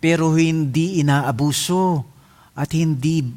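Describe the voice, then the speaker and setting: Middle-aged Filipino-accented male pastor, lively bilingual sermon, fairly high voice, acts out scenes. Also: measured pace.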